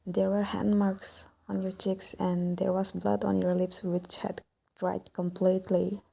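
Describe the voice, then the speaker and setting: Brief: woman story narrator, soft and slow, flat delivery, dark tone. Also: mid-range voice, creaky. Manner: slow, soft, at times whispered. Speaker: fan fiction narrator. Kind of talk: scripted second-person story narration.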